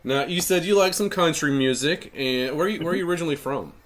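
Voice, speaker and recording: A middle-aged man from Northeast Ohio hosts a casual interview, relaxed, chatty and quick to crack a joke. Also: fairly high pitch. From Northeast Ohio, United States. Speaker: interview host.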